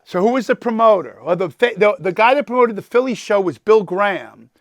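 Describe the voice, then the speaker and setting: A man in his sixties with a gravelly New York accent holds forth in an animated, storytelling lecture and keeps throwing questions out to the class. His voice sits a bit high for a man and sounds close and dry, with no room around it. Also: a little fast, no echo. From New York, the Bronx. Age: 60s. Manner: talkative, animated, quizzes the audience. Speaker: guest lecturer, entertainment attorney.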